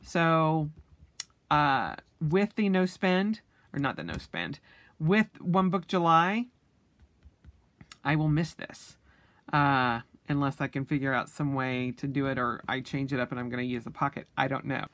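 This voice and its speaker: Young adult woman vlogger with a low voice, a chatty, halting delivery, and hiccups. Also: dry recording. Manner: chatty, many ums and restarts. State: has the hiccups. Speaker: planner vlogger. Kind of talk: casual flip-through chat.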